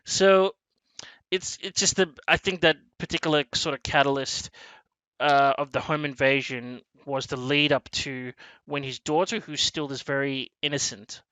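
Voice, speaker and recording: Guy reviewing a movie, kinda high bright voice, swears a lot, dry close mic. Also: moderate pace, no echo, low-quality recording. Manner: animated, swearing, acts out scenes. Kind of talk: casual film discussion.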